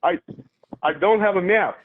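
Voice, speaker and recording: A man, calling in and answering in halting, broken English. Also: high voice, a little hiss or hum. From Russia. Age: 30s. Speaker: caller. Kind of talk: call-in conversation. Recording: tinny phone line.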